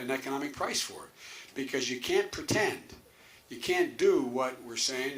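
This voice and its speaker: An older political candidate giving an earnest, rambling debate answer. He doubles back on himself and trails off into asides at a middling pitch. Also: a bit bright. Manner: earnest, repetitive, with many restarts and trailing asides.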